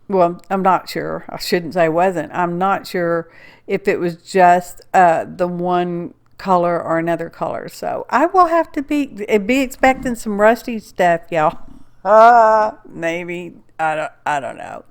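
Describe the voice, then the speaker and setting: A woman's voice: medium pitch, clear, resonant tone. A middle-aged woman with a drawl talks through her craft project in an easygoing, folksy way. She rambles, backtracks and corrects herself as she works. It sounds like a casual home craft video.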